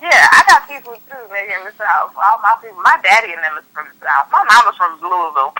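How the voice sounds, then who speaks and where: Woman podcast host, slangy and laughing, bright and animated. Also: mid-range voice, fast talker, rough recording. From US West Coast. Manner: loose, slangy and laughing, with many fillers. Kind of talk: casual chat.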